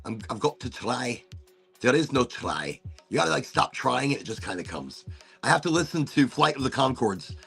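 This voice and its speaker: A man's voice: medium pitch, very animated, normal speed, creaky, a bit bright, slightly rough, faint music behind. A male host running a casual livestream chat show, rambling playfully and swearing freely.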